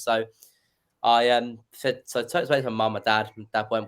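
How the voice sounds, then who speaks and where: A man's voice: on the low side, normal speed. A man on a podcast panel, rambling through a family anecdote in casual chat. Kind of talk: casual storytelling.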